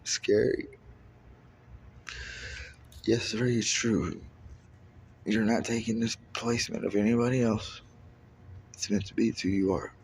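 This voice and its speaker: A Kentucky man in his thirties records himself in a rambling, stream-of-consciousness monologue, swearing often and drifting into loose rhymes and wordplay as he jumps between ideas. His voice sits on the low side, steady and a little mellow, at a moderate pace with long pauses, over a faint hiss or hum.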